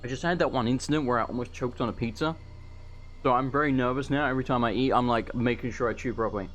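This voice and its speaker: A let's play commentator talks fast in a medium-pitched, fairly bright voice, rambling and chatting over his own gameplay. He swears and eats as he goes, with faint game music and slight background noise behind him.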